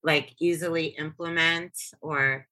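A woman host chats on her podcast in a rambling, excitable way and swears freely. Her voice is very low for a woman, yet bright and forceful. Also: unhurried. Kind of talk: casual podcast chat.

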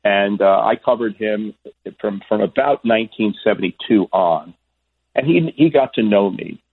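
A man in his sixties from Florida, a guest sportscaster telling stories in a phone interview, animated and stammering on restarts. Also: lowish voice, normal speed, no room sound. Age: 60s. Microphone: telephone. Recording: husky, dry phone line.

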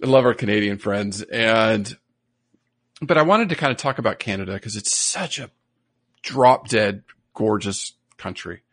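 A man's voice: lowish voice, normal speed, fairly bright tone, dry recording, clean studio sound. A man co-hosting a podcast in casual chat, enthusiastic and nerdy, rambling a bit as he explains things. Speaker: podcast co-host.

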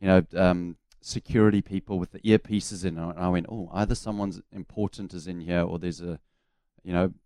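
A man's voice: low voice, fairly even intonation, normal speed, mellow, clean tone, no room sound. A man in his forties with a New Zealand accent, a former cricketer telling laid-back anecdotes as a guest on a casual radio chat.

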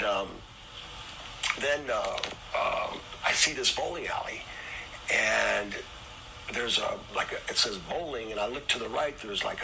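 Rambling man telling an old road story. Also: background noise. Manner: rambling with many fillers, acts out quotes in a high voice. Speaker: storyteller recounting wrestling days. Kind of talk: casual storytelling.

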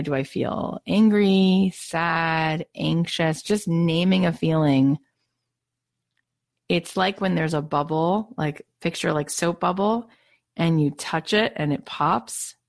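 Earnest woman, low voice, dry sound. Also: no echo. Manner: earnest and animated, acting out quoted voices. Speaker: self-help speaker. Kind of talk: mindfulness talk.

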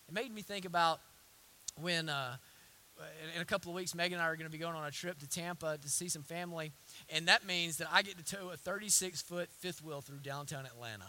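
A man preaching a sermon, swinging between hushed, intimate lines and loud impassioned ones, with folksy asides to the congregation. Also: a little high, brisk. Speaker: pastor.

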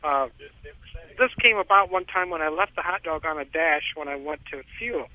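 A man's voice: a little high, expressive, normal speed, dry recording. A man calling in to a radio show, telling a long rambling story with frequent chuckles, heard over a tinny phone line. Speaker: caller.

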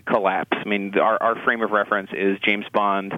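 A man co-hosting a casual film review chat, talking in halting, restarting sentences with wry asides. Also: on the low side, flat delivery. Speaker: film critic co-host. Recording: tinny phone-like line, dry.

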